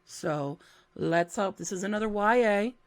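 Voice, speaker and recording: A woman's voice: mid-range voice, unhurried. Woman, scratchy-voiced, chatty and playful; casual book roundup host. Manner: chatty and playful, thinking aloud. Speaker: book content creator.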